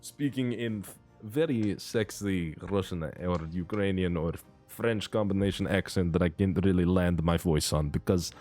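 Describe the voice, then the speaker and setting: A man's voice: low-pitched, moderate pace, a little mellow. A man narrating as game master, rambling and self-mocking with many fillers. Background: pirate music.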